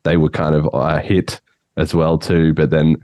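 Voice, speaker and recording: A man's voice: extremely low pitch, completely flat delivery, a little slow, darkish tone, dry recording. A man hosting a podcast, chatting casually in a rambling way and laughing often. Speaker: podcast host.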